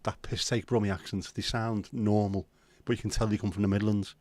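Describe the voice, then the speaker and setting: A man with a Liverpool accent hosts a relaxed livestream chat, reading out comments and answering them with blunt, sweary banter. His voice sits on the low side, and the sound is close and dry with no room around it. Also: a little fast, dry recording. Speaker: livestream host.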